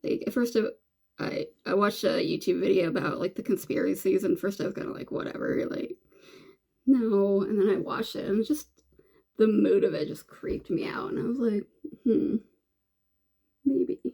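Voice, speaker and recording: Chatty woman with a gravelly, mellow voice. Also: medium pitch, fairly quick. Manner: rambling, chatty, many fillers and restarts. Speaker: beauty vlogger. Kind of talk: casual chat while doing makeup.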